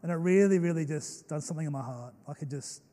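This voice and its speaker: A young Australian man preaches from the pulpit, his voice warm, mellow and slightly high. He tells stories earnestly and emotionally, full of little fillers and restarts. The sound carries a long reverb from a church hall. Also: fast. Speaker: pastor. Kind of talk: storytelling sermon.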